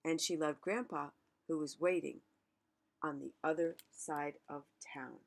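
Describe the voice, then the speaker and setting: A woman's voice: sits low, steady tone, measured pace, creaky. A woman reading a picture book aloud, chatty and musing, with asides between pages. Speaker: storyteller.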